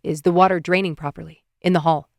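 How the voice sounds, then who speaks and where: A woman voicing a composed, matter-of-fact man in an audiobook, speaking in measured lines. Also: on the low side, fairly even intonation, gravelly, dry recording, clean studio sound. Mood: concerned. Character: calm composed man, the ex-husband.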